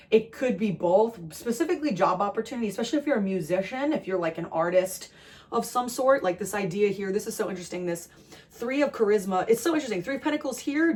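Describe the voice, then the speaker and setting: A woman's voice: medium pitch, darkish tone. A young adult woman from New Jersey giving a channeled tarot reading, earnest and rambling, with many fillers and restarts. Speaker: tarot reader.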